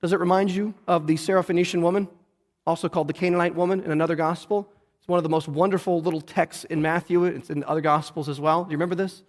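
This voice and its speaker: A man's voice: a little high, steady tone, fast. A man pastor preaching a sermon in a church, earnest and conversational, often turning to the listeners with questions. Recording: long hall reverb.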